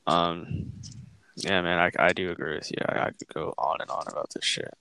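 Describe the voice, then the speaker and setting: A man's voice: sits low, fairly even intonation, brisk, pushed and bright, smooth, dry recording. A young man hosting a casual chat, telling a rambling story full of slang and swearing. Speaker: podcast host.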